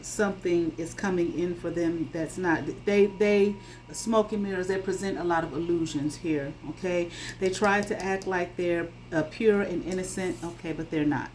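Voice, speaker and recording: A woman with a fairly low voice gives a spoken tarot reading. She is emphatic and blunt, swears freely, and keeps stopping to ask "okay?". A faint hiss sits under her voice. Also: darkish tone, low-quality recording. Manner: emphatic, checks in with frequent "okay?". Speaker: tarot reader.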